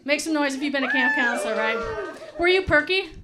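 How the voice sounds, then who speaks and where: A woman's voice: sits high, expressive, a little fast, heavy background noise. A woman doing a stand-up comedy set, chatty and laughing, with lots of "like" and "right?".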